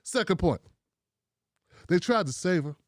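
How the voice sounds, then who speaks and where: A man's voice: sits high, expressive, a little slow, no echo, clean studio sound. A man hosting a commentary show, talking casually and mockingly and repeating himself for effect.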